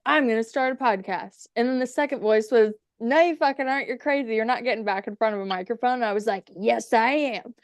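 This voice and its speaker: A woman with a fairly high voice, dryly recorded, chats as a podcast guest. She tells stories casually, swearing freely and acting out the quotes.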